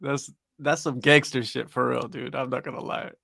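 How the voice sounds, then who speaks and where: A man's voice: medium pitch, level tone, moderate pace, vocal fry, pushed and bright. A man hosting an interview, casual and slangy in his questions. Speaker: interview host.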